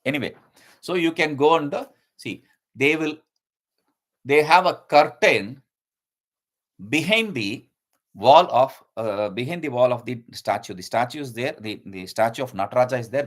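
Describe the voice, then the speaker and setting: In a mid-range voice, a man works through a scripture verse by verse as he teaches. His explanations run long, with lots of fillers and key terms said again and again.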